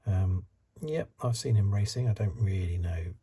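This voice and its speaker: Soft-spoken man, very husky. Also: low voice, moderate pace. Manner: soft-spoken, drifts into whispers, rambling asides. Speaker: ASMR channel host. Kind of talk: soft-spoken ASMR card review.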